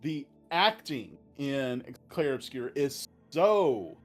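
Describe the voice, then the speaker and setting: A man's voice: medium pitch, big pitch swings, takes it slowly, faint music behind. A man co-hosting a let's play, chatting casually and hesitantly, often searching for words. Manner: hesitant, lots of fillers and restarts. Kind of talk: casual chat over gameplay.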